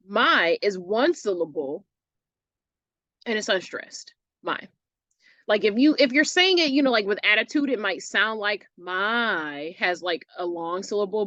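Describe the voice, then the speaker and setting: A woman teaching an online English lesson in a casual, chatty way, often checking in with "right?" and sounding out words slowly to show where the stress falls. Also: mid-range voice, fairly bright tone, dry recording. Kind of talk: recorded lesson walkthrough.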